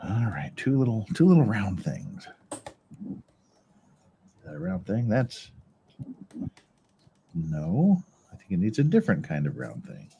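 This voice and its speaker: A man's voice: fairly low pitch, huge pitch swings, unhurried, creaky, long pauses, warm tone, slight background noise. A man streaming casually as he builds Lego, rambling, joking and swearing to himself. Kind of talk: casual live-stream chat.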